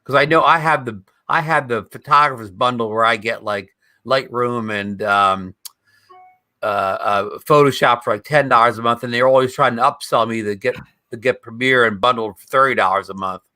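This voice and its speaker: A man on a video call asks curious questions in a casual panel chat. His bright voice sounds dry and close, with no room around it. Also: mid-range voice, normal speed, dry recording. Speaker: panel guest.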